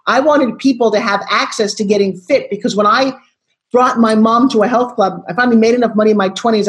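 A woman in her sixties speaks bluntly and forcefully as a motivational coach in an interview. Her voice sits a little high for a woman. She keeps driving home her point and presses her guest with the same questions again and again. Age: 60s.

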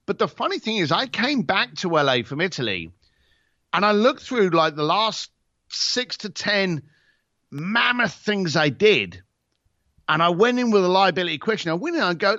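A man's voice: high voice, very animated, normal speed, bright, forceful tone, no echo, dull audio. A man on a podcast telling a story in a blunt, casual way. He swears and acts out both sides of the conversation. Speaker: podcast guest.

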